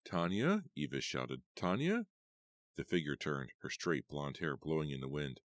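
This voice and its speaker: Very deep-voiced male audiobook narrator. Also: little pitch movement, normal speed, fairly bright tone, no room sound.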